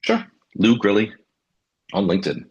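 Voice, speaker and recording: A man as a guest on a fintech podcast, explaining in a measured way, with many ums and uhs. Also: lowish voice, huge pitch swings, darkish tone, slightly rough, muffled recording. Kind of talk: casual podcast conversation.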